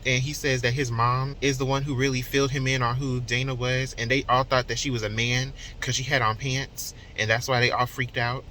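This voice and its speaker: A man's voice: medium pitch, bright, forceful tone, a little hiss or hum. Casual man recapping a novel. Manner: conversational, retells scenes with quoted dialogue. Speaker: book reviewer. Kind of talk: casual book recap and commentary.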